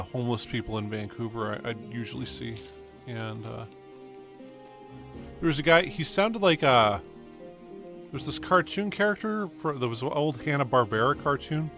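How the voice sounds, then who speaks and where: A man's voice: mid-range voice, fairly bright tone. A man, streaming a game and telling meandering stories full of fillers and restarts. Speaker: gaming streamer. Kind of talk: rambling casual storytelling over gameplay.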